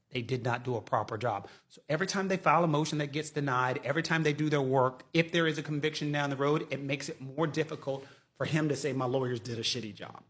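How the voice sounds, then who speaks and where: A middle-aged man, a lawyer, giving casual legal commentary and acting out quotes in mocking voices. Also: medium pitch. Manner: animated, mocking, acts out quotes.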